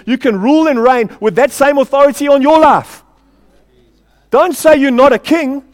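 A man preaching a passionate sermon as pastor, building to shouted declarations. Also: high-pitched. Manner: passionate, rising to shouts, chuckling between points. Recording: hall reverb.

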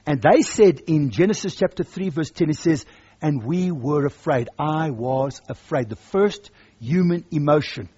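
A male preacher with a high, husky voice delivers a sermon. He is emphatic and circles back to repeat his key lines. The recording sounds dull and lo-fi. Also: animated, unhurried, warm tone.

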